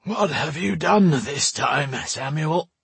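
A man voicing a fussy, nervous old male mage who talks gruffly with sudden sharp outbursts. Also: fairly high pitch, lively intonation, takes it slowly, no room sound, voice pushed up, heavily acted. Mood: sleepy.

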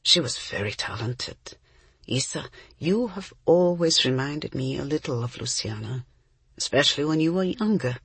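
A woman voicing an older male violin teacher, speaking slowly and quietly with a grave, gentle manner. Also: sits low, animated, creaky, husky, dry recording, full character voice. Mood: solemn. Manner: slow, quiet, hushed.

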